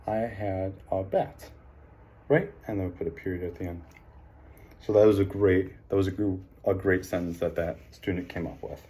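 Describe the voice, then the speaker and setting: Male teacher, low mellow voice, upbeat praise, drawn-out letter sounds, filler-heavy. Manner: encouraging, sounds out letters slowly; frequent fillers like um and like. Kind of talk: classroom phonics lesson.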